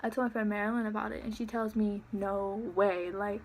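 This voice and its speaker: An eighteen-year-old woman casually telling a story on her vlog, chatty and animated as she acts out what was said. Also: mid-range voice, fast talker, a little hiss or hum. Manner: chatty, animated retelling with quoted dialogue. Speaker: vlogger.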